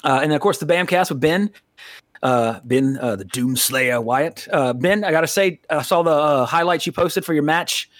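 A man's voice: fairly high pitch, moderate pace, fairly bright tone, no room sound, studio quality. An American man co-hosting a podcast in a casual, rambling, profane way, laughing often. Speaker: podcast co-host.

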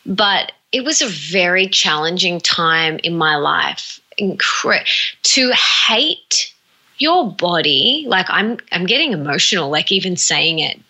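Woman guest, motivational speaker vibe, slow earnest talking, bright tone. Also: mid-range voice, expressive, low-quality recording. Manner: earnest, repetitive, emphatic phrasing. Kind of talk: heartfelt motivational talk.

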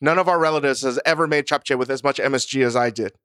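Smooth-voiced man, blunt and profane. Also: mid-range voice, fast talker, fairly bright tone, dry recording, studio quality. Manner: blunt, profane, self-mocking. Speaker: podcast co-host. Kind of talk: casual chat.

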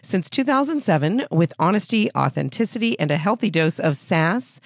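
Gravelly-voiced New England podcast host. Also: female voice, on the low side, expressive, moderate pace, dry recording, studio quality. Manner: enthusiastic, laughs often. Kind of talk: podcast interview.

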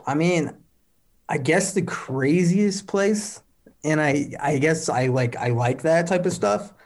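A man's voice: a little high, slow, darkish tone. Upbeat young man, rambling answers. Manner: rambling, heavy on "like" fillers, upbeat. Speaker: competing athlete, guest. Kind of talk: casual interview answers.

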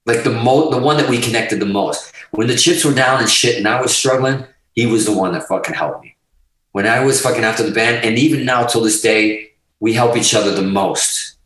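A man guest telling a long profane story in casual chat, animated and rambling. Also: mid-range voice, normal speed. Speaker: podcast guest, musician. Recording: roomy, distant mic.

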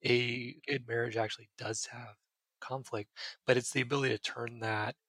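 Earnest man explaining, husky voice. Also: medium pitch, level tone, moderate pace, a bit bright, no room sound. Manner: earnest, explains with everyday examples. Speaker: psychiatrist guest. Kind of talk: casual podcast advice.

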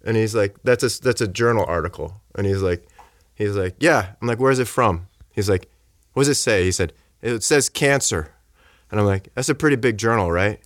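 A man telling a story in casual conversation, animated and acting out the voices of the people in it. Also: fairly low pitch, normal speed, no room sound, studio quality. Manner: animated, acts out quoted voices. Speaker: guest speaker.

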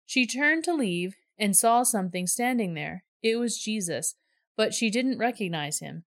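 A woman reading a scripture story aloud in steady, measured narration. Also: mid-range voice, no room sound, clean studio sound. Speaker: reader.

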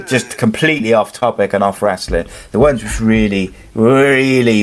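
A man from the UK hosting a casual wrestling podcast, rambling through stories with lots of fillers. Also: on the low side. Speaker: podcast host. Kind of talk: casual chat.

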